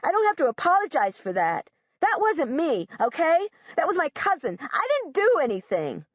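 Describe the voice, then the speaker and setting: A woman voicing a shouting schoolboy bully. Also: high-pitched, sing-song, a little slow, dry recording, highs cut off, voice pushed up, full character voice. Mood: defensive shouting. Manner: shouting, defensive. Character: angry defensive schoolboy bully.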